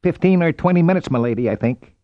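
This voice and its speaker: Narrator as a deferential young guard, slightly raised voice, dry, slightly dull audio. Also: male voice, on the high side, animated, fast, no room sound, voice pushed up, close to an everyday voice. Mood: urgent. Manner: deferential, reporting. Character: young male house guard, dutiful.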